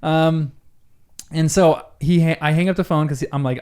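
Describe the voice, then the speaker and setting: A man's voice: a little high, steady tone, normal speed, darkish tone, clear, resonant tone. A young man, a podcast co-host, telling a story in casual group chat and acting out the voices he quotes.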